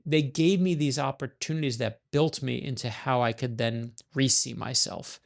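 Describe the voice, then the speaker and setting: A middle-aged man from New York, an author guest, telling stories in a quick, animated way and acting out the voices of people he quotes. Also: medium pitch, vocal fry. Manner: animated, fast-talking storyteller, acts out quoted lines. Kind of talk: conversational storytelling.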